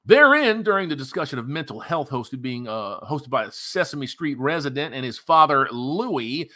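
A man's voice: medium pitch, moderate pace, pushed and bright. A man hosting a commentary channel, mocking a news story in a sarcastic, profane rant.

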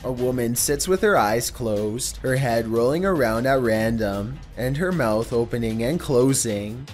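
A man giving scripted narration in a measured, steady storytelling delivery. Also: medium pitch, faint music behind.

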